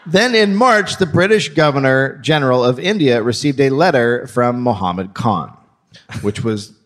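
A male comedian hosting a live history podcast on stage, telling the story in a dry, deadpan way. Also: medium pitch, normal speed.

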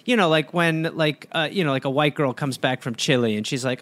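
A man's voice: a little high, brisk, background noise. A man co-hosting a comedy podcast, riffing and joking in casual chat.

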